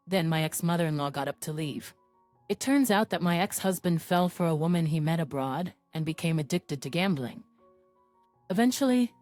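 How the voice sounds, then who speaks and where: A woman narrating a first-person story in an even, measured scripted reading. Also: low voice, dry recording.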